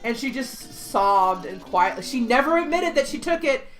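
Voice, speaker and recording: A woman telling a story in casual chat, animated, swearing freely and acting out what people said. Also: on the high side, normal speed, soft background music. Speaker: podcast host.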